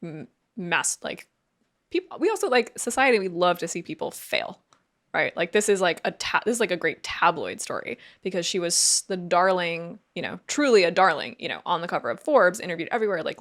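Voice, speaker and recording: A woman's voice: on the low side, big pitch swings, fairly quick, a bit bright. A woman co-hosting a casual podcast chat, upbeat and chatty, explaining with lots of fillers. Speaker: podcast co-host.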